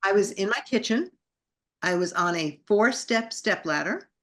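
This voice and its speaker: A woman's voice: medium pitch, animated, normal speed, a bit bright. A middle-aged woman, a singer and actress, telling her story in an interview with an enthusiastic, grateful manner.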